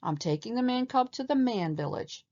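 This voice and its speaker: A woman voicing a calm, stern male panther who speaks firmly and evenly, on a slightly muffled recording. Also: on the high side, pitched above the performer's own voice, close to an everyday voice. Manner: firm and measured.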